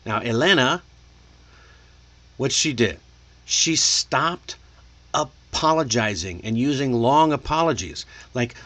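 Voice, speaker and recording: A man gives an English speaking lesson from his desk, talking at an unhurried, very slow pace. His pitch sits in an ordinary middle range, and the close mic sound is dry with no room around it. He checks in often and models how sentences should land. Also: big pitch swings, fairly bright tone, no room sound. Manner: coaching, deliberate, checks in with "okay?"; demonstrates rising and falling intonation.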